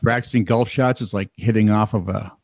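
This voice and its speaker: A man's voice: on the low side, fairly even intonation, a little fast, darkish tone, no room sound. An American man co-hosting a comedic news podcast, joking and laughing as he chats. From United States. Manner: joking, teasing, laughs often. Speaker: podcast co-host. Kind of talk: casual comedic news chat.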